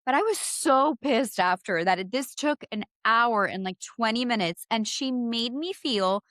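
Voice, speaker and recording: A woman in her thirties with an accent, co-hosting a podcast and telling a story in casual chat, animated and profane, acting out both sides of phone calls. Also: on the high side, unhurried, dry recording, studio quality. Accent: non-native English. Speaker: podcast co-host.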